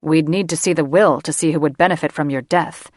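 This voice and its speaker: A woman narrator voicing a protective young male mage who speaks low, soothing and earnest in an audiobook. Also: steady tone, fairly quick, darkish tone, dry recording, clean studio sound. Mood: tender, earnest. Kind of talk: audiobook character reading.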